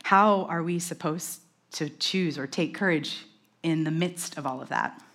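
A woman delivers a conversational sermon. She talks fast and animatedly and drops in quick self-deprecating asides. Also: low voice, a bit bright. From New York. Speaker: preacher.

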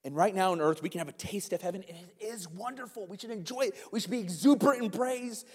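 A man with a high voice delivers an animated sermon, checking in with the congregation through quick rhetorical questions. His voice carries a long reverb, as if filling a large sanctuary. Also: husky. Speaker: pastor.

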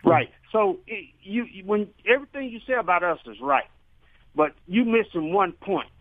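A male radio caller with a high-pitched voice, heard over a tinny phone line. He talks in a loose, colloquial drawl and circles back over his points. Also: expressive, normal speed, no room sound. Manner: drawling, colloquial, repeats himself. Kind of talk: phone-in call.

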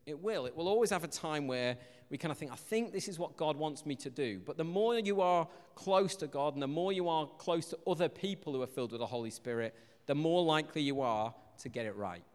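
A young man preaching a casual, jokey sermon in a church, telling stories in a lively, animated way. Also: on the high side, fairly quick. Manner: chatty, jokey, animated storytelling with shouted asides. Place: church hall. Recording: long hall reverb.

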